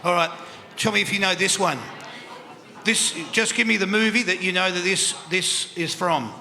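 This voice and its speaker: A man's voice: sits high, moderate pace, creaky, bright, forceful tone. An Australian man hosting a live quiz segment on a panel show, upbeat and chatty, laughing often. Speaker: quiz host. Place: country club function room. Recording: reverberant hall with crowd noise.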